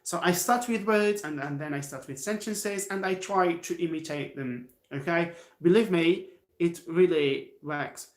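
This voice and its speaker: Algerian guy teaching english on a live stream, encouraging, says okay a lot, slightly high voice, echoey room. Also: a little slow. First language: Algerian Arabic. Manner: encouraging, repeats himself, answers chat. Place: his home.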